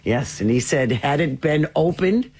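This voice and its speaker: A man's voice: on the high side, animated, unhurried, a little mellow, breathy edge. A man hosting a radio talk show, chatting casually and telling stories with animation. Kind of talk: casual chat.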